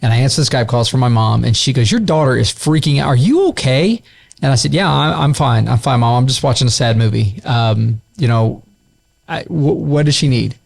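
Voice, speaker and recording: A man with a gravelly, fry-touched voice at an ordinary middle pitch tells a personal story. He speaks in an earnest, heartfelt way. It sounds like a casual podcast chat. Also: a little fast. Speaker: podcast co-host.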